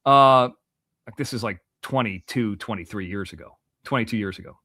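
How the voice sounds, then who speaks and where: A man in his forties, originally from Florida, telling a long story as a podcast guest, animated and profane, full of restarts and asides. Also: on the low side, moderate pace, dry recording, clean studio sound.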